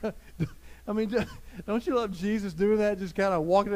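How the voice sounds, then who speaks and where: A man preaching a sermon as pastor, talking straight to his listeners, swinging from loud emphasis to soft, hushed lines. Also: high-pitched, a little slow. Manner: conversational, addresses listeners directly.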